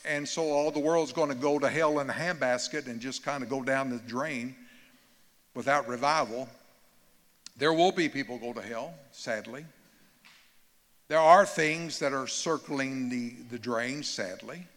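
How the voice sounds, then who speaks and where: Pastor in his 70s, bright forceful voice, keeps firing questions at the congregation, big church echo with faint music. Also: mid-range voice, measured pace. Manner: fervent preaching with repeated questions to the congregation. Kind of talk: sermon. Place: church sanctuary. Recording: long hall reverb, faint music.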